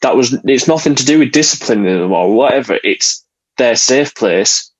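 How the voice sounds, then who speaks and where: A man's voice: medium pitch, expressive, moderate pace, highs cut off. A father, a guest on a podcast, talking earnestly and plainly in casual conversation. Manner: earnest, plain-spoken, laughs lightly.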